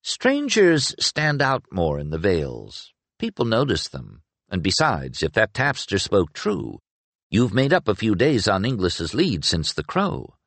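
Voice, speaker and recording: Man doing a keen young sorcerer guy, eager and reasoning, lively up and down, dry close sound. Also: on the low side, a little slow, no echo, pitched above the performer's own voice, exaggerated voice. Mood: persuasive. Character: young earnest male sorcerer, curious and persuasive. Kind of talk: audiobook character reading.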